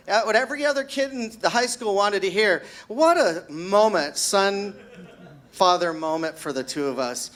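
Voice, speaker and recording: A man's voice: high voice, animated, normal speed, pushed and bright. A man in his sixties doing a self-deprecating stand-up set at his own birthday party, teasing friends in the audience. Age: 60s. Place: party venue with a live audience.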